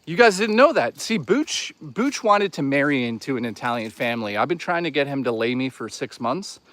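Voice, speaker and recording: A man's voice: mid-range voice, big pitch swings, normal speed, a bit bright. A young man live-streaming as he walks outdoors in the woods, chatting in a crude, rambling, joking way. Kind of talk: casual live-stream chat while walking.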